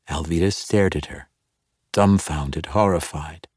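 A man narrating a fantasy audiobook in a measured, expressive reading. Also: rumbling low, husky, no echo, clean studio sound.

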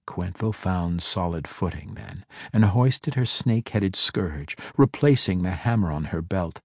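A man with a low voice reads a fantasy novel, his delivery dramatic and richly varied in pitch. The recording is close and dry, with no room around him. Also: a little slow, few pauses, breathy edge, no room sound. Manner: dramatic, expressive reading. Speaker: audiobook narrator. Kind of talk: scripted fantasy narration.

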